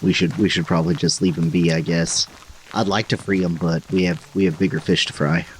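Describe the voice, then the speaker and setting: A man's voice: sits low, fairly even intonation, fairly quick, a little hiss or hum, low-quality recording. A man chatting casually as a player in a tabletop game. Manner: casual, laid-back.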